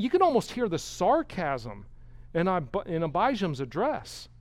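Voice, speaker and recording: Preacher guy, fairly high voice, dry close sound, lots of rhetorical questions. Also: very animated, brisk, no echo. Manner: emphatic, rhetorical questions, varies volume. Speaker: pastor. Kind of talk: expository sermon.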